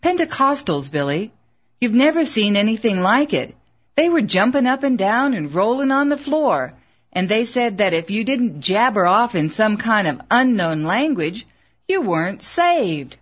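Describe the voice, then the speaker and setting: A woman voicing an excitable older churchgoing man who gossips eagerly, in a slightly dull lo-fi recording. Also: mid-range voice, measured pace, pitched above the performer's own voice. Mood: excited.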